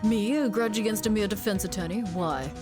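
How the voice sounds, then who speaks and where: A woman's voice: mid-range voice, a little fast, music in the background, voice pushed down, close to an everyday voice. A woman doing a haughty older male prosecutor, Von Karma. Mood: dismissive. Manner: contemptuous, haughty.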